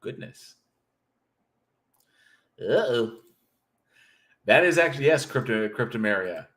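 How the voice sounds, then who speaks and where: A man's voice: mid-range voice, expressive, slow pace, a bit bright. A man hosting a livestream in casual chat, reading viewer comments aloud and joking with a loose, profane manner. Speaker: livestream host.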